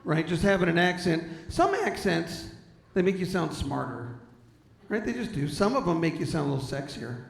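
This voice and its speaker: A man's voice: a little high, sing-song, moderate pace, vocal fry. A man from San Diego doing a stand-up comedy set, telling self-deprecating stories about his family and slipping into character voices. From San Diego, California. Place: large hall with audience. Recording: echoey live hall.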